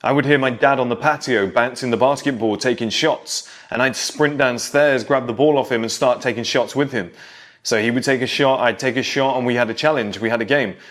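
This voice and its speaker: A man's voice: mid-range voice, brisk, fairly bright tone. A man in his thirties speaks straight to camera in a casual, nostalgic monologue. He addresses younger viewers directly, recalling his own childhood with a lecturing edge. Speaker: vlogger.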